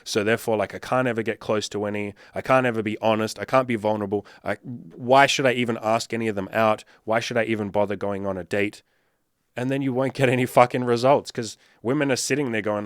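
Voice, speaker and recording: A man's voice: on the low side, steady tone, fairly quick, dry recording, studio quality. A man talking as a dating coach in a blunt, casual rant, swearing often and acting out both sides of imagined conversations.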